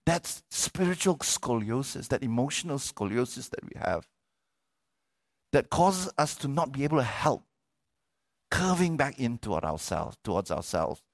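A middle-aged male pastor preaching a sermon, animated, repeating words and asking for amens. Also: medium pitch.

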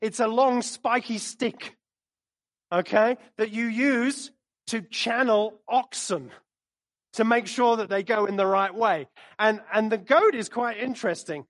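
A man preaching a sermon in a church, animated and storytelling, speaking into a microphone. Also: high-pitched, measured pace. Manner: animated, storytelling, acts out quotes with laughs. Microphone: microphone he moves around while preaching.

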